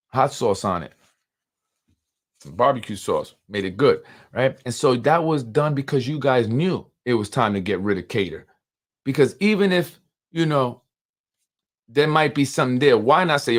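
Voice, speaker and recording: A man hosting unscripted political commentary, emphatic and full of rhetorical questions and repetition. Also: mid-range voice.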